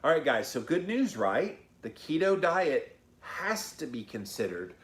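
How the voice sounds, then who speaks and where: Hosting a casual diet livestream, a man with a fairly high, very animated voice reads viewer comments aloud and answers them at a measured pace. He's upbeat and chatty, dropping plenty of ums and uhs. The room gives his voice a noticeable echo.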